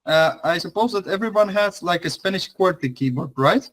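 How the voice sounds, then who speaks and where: A man's voice: high voice, animated, normal speed, a bit bright, low-quality recording. A young man teaching an online language class, talking in a loose, chatty way with many fillers and restarts.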